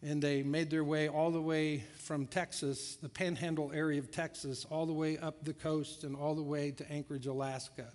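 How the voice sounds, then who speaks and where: Man, pastor, sermon, conversational storytelling, higher pitch, long hall reverb. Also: little pitch movement, moderate pace, few pauses, darkish tone.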